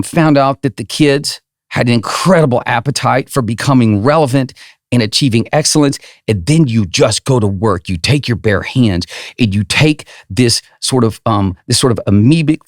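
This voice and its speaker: A man's voice: mid-range voice, dry recording, studio quality. A middle-aged man hosting a podcast as a running coach, giving an emphatic, rambling motivational monologue full of tag questions like "right?".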